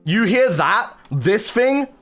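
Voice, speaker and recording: Man, streamer, casual music tutorial, swears a lot, joking, fairly high voice. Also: very animated, takes it slowly, a bit bright. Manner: joking, crude and swearing, filler-heavy. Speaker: streamer teaching music production. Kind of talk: casual livestream chat.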